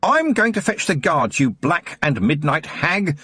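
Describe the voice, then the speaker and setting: A man's voice: a little high, very animated, measured pace, sharp tone, husky, no echo, voice pushed up, full character voice. A man voicing a furious woman nurse in an audiobook, screaming in outrage. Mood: outraged.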